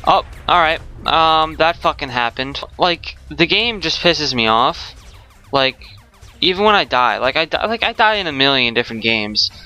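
A man's voice: a little high, expressive, normal speed, pushed and bright, clear, resonant tone, soft background music. A young man giving rage gameplay commentary, swearing constantly with exasperated outbursts. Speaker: gaming YouTuber.

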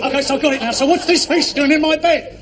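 Confused student who loses his sentence, high voice. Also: steady tone, quick pace, over a noisy crowd. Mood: muddled. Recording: sitcom studio audience laughter, noisy.

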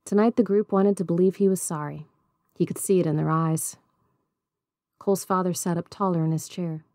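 Woman reading a novel out loud, low-ish mellow voice, dry close sound. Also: fairly even intonation, normal speed, no echo. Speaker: audiobook reader. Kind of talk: storybook narration.

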